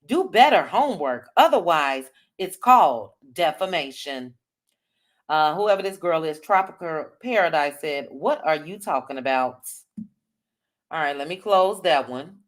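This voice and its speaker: A woman from the DC hosting a casual livestream, reading viewer comments aloud with quick chatty asides. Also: sits low, animated. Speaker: livestream host.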